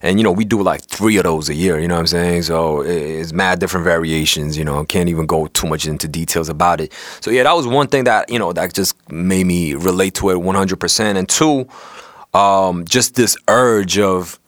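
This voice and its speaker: A young man with a New York City accent, chatting casually as a co-host in animated, slangy street talk. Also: sits low, brisk, no echo, studio quality. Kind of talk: casual chat.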